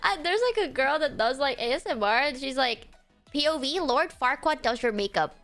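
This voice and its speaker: A young woman hosting a stream, chatting casually with friends in an excitable, giggly, gushing way. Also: high voice, normal speed, faint music behind. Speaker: streamer host. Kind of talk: casual group chat.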